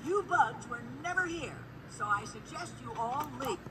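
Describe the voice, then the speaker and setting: An actress playing an earnest young ant princess in animated film dialogue, speaking in a tense, hurt and emphatic way. The recording is distant, with loud background noise. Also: female voice, high-pitched, normal speed. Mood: firm.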